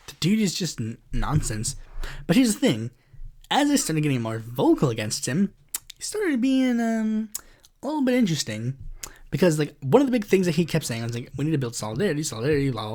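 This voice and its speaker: Exasperated sarcastic man ranting, lively pitch. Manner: exasperated, sarcastic, full of "like" and "it's like". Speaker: podcast host. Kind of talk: casual ranting monologue.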